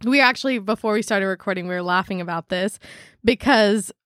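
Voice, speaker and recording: A woman's voice: medium pitch, a little fast, dry recording. A young woman chatting casually as a guest in a studio, telling stories with lots of laughter and acted-out quotes. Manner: animated storyteller, laughs often, acts out quotes. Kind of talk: casual chat.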